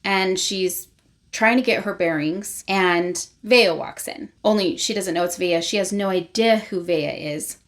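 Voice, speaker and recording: A woman's voice: lowish voice, unhurried. Chatty woman recapping a book. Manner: chatty, with lots of "like" and "you know". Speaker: book vlogger.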